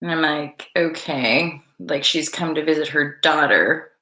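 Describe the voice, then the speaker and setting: Lady vlogger rambling and laughing at the camera, lowish voice, bit of room echo. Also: moderate pace. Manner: rambling, laughing, swearing, lively and chatty. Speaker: vlog host. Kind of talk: casual chat to camera. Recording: echoey room.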